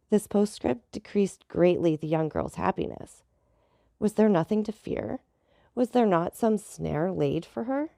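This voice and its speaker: A woman narrating a classic novel in a measured storybook reading, giving the dialogue light voices. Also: lowish voice, vocal fry, dark tone, no echo, studio quality. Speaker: audiobook narrator.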